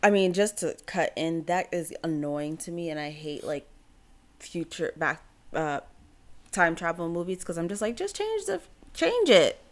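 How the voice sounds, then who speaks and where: A woman co-hosting a podcast, chatting casually about a TV episode and jumping in with quick, expressive reactions. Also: sits low. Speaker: podcast co-host. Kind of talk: casual TV recap chat.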